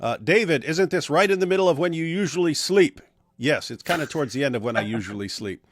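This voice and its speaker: A man hosting a casual livestream and reading out viewer comments, with a jokey manner. His fairly high voice swings widely in pitch. The sound is dry and close. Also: expressive, fast talker, no echo. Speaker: livestream host.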